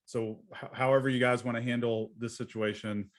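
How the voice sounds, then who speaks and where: A man of medium pitch running a tabletop game, describing the action in a chatty, halting way. He breaks into laughter often as he tells the scene. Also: flat delivery. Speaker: game master.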